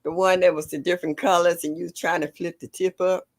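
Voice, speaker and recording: An older woman hosting a casual gardening livestream, greeting viewers by name and chatting warmly. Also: on the low side, level tone, fast talker. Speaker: livestream host.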